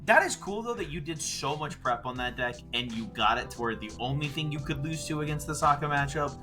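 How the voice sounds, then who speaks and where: A man's voice: fairly high pitch, expressive, fairly quick, sharp tone, faint music behind. A man hosting a podcast in casual chat, sympathetic and teasing, often laughing.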